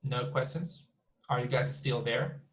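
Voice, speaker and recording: In a low-quality recording, a man teaches an online English class in a medium-pitched, steady, unhurried voice. He's chatty and repetitive and keeps asking his students questions to check in with them.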